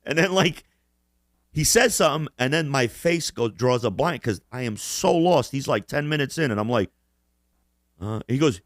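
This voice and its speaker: A man co-hosts a casual podcast chat, profane and boastful, often laughing at his own stories. His voice is medium-pitched with lively intonation and a moderate pace, captured in a dry, studio-quality recording.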